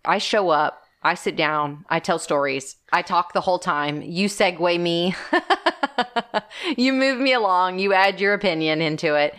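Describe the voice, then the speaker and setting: A woman's voice: fairly low pitch, measured pace, clean tone. A woman co-hosting a podcast in casual chat, talking with passion and telling stories. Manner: passionate, animated storyteller. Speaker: podcast co-host.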